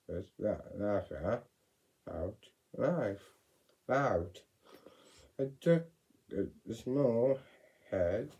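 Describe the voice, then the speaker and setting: Slow, animated man reading a children's story. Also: lowish voice, low-quality recording. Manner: animated, with sudden loud exclamations and whispered asides.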